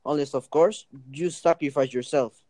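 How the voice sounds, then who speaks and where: A mournful old male ghost in a homemade radio drama, voiced plainly by a man. His voice is mellow and low-key, recorded dry and close. He speaks in a sad, nervous way. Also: normal speed, no echo, lightly acted. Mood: sorrowful. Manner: sad, nervous reading of a scripted part. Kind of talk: amateur radio drama reading.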